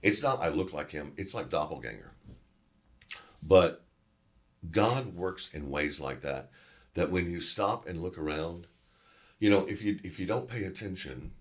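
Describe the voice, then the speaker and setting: A middle-aged man from Louisiana with a very low voice, a guest actor telling a story in an interview. He talks in an animated, loose way, full of casual fillers. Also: measured pace, pauses often, breathy edge.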